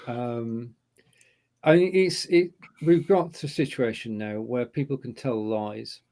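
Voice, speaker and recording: A man co-hosting a casual stream chat, his voice gravelly with plenty of fry. He sits at a middle pitch and lays out his views in a measured way. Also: darkish tone. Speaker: co-host.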